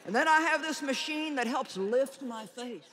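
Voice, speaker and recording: An older woman preaching a humorous conference sermon, animated and joking as she acts out little prayers and conversations. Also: high voice, noisy background.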